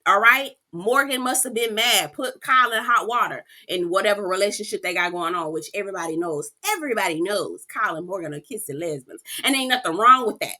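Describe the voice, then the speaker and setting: A woman giving a sassy, animated recap of a reality TV episode, talking straight to her viewers. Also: mid-range voice, a little fast, hardly any pauses. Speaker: reality TV reviewer. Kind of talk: casual recap commentary.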